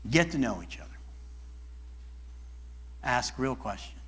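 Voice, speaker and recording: A middle-aged man and life coach giving a church talk, animated and acting out people's voices as he tells stories. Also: medium pitch, unhurried, a little hiss or hum. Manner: animated, acts out voices in dialogues. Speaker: guest speaker and life coach.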